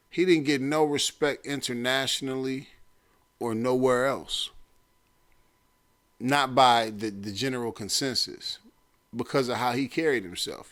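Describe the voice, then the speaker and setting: A man's voice: mid-range voice, fairly bright tone. A man hosting a talk show, giving blunt, streetwise advice and repeating his points for emphasis. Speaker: podcast host.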